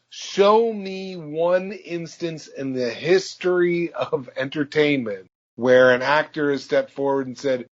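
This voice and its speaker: A man, a voice actor being interviewed, telling stories in a relaxed, anecdotal way. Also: medium pitch. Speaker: voice actor guest. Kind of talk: interview answers, storytelling. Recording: dull lo-fi audio.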